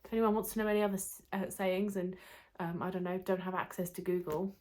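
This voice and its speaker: Young British woman, casual vlogger, a bit hoarse, low-ish voice, self-deprecating chatter. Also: steady tone, fast, a little mellow. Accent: British English. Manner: chatty, rambling, self-deprecating, light laughter. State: slightly losing her voice. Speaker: YouTuber. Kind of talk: casual vlog chat. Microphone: camera mic under a ring light.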